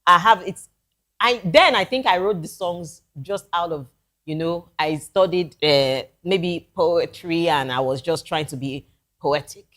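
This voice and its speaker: A woman's voice: lowish voice, unhurried, a bit bright. A Nigerian woman musician, a talk-show guest giving earnest advice in casual chat. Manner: earnest, advising, with restarts.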